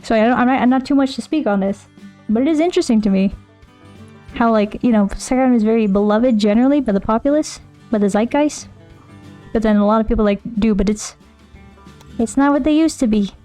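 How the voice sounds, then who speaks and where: A woman live-streaming a game, with a slightly high, soft and mellow voice. She rambles along cheerfully, thinks aloud about her moves and answers her chat. Faint game music sits under her talk. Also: brisk. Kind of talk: casual live-stream chat while playing.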